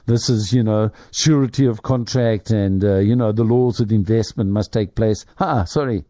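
Rambling man, dark dry voice. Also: fairly low pitch, moderate pace, few pauses, no room sound. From Ireland. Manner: storytelling with frequent restarts and chuckles. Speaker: radio talk host. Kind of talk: casual rambling monologue.

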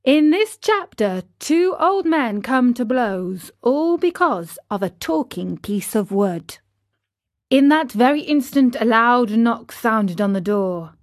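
A woman reads a children's story aloud in a measured, expressive way. Her voice sits fairly high, and she takes the words at an unhurried pace. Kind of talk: scripted storybook narration for children.

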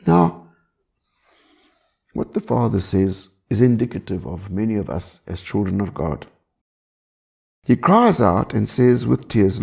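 Gravelly, dark-voiced male preacher. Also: fairly low pitch, very animated, slow pace, pauses often. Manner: conversational preaching, asks the listeners questions. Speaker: pastor. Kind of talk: sermon.

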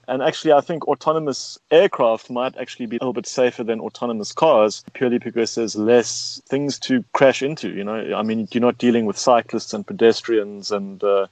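A man's voice: mid-range voice, darkish tone, no echo, rough recording. A man hosting a casual radio chat, easygoing and jokey. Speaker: show host.

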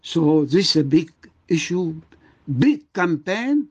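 A man's voice: on the high side, very animated, slow pace, breathy edge, muffled recording. An older man, a guest doctor, speaking with emotion and emphasis in a radio interview, often repeating his words. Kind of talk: impassioned radio interview talk.

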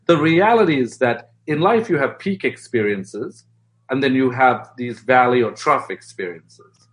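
A man talking as an interview guest, lively and animated, often acting out quoted voices as he explains. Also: medium pitch, a little slow. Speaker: guest expert. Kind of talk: interview conversation.

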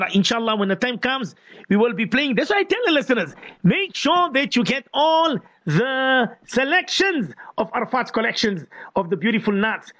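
A man's voice: high voice, fairly bright tone. A man hosting a live radio call-in show, playful and coaxing, stretching words for emphasis. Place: radio studio.

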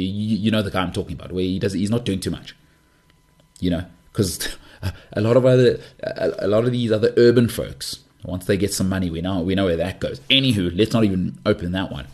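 A man hosting a podcast, talking in a low, husky voice. He rambles through a casual monologue, full of jokey asides and excited outbursts. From South Africa. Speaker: podcast host.

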